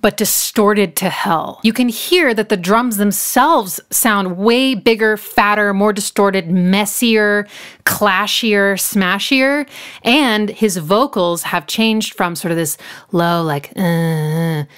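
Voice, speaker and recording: With a clear, resonant, slightly bright tone, a medium-pitched woman talks slowly through a song's breakdown. She analyzes it eagerly and casually, singing small snippets and having fun with words.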